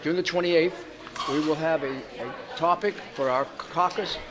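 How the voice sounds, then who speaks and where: Brisk formal male moderator, crowd nearby. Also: fairly high pitch. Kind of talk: hosting announcements.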